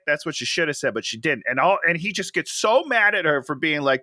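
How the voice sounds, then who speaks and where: A man with a high, bright voice riffs sarcastically on a bad comedy and bursts into character voices to mock its lines. His pitch swings widely as he talks. The sound is dry and close, with no room around it. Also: big pitch swings, fairly quick, hardly any pauses, dry recording. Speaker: podcast co-host. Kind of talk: casual comedic movie review chat.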